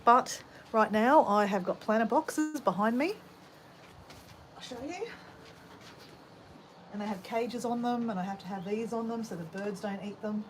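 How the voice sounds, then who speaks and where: A woman's voice: a little high, measured pace, pauses often. A rambling, chatty Australian woman talks to her viewers from her home garden, greeting people as she goes. She speaks into a phone camera, with a faint hiss behind her voice. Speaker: vlogger. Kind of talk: casual chat to live viewers while gardening.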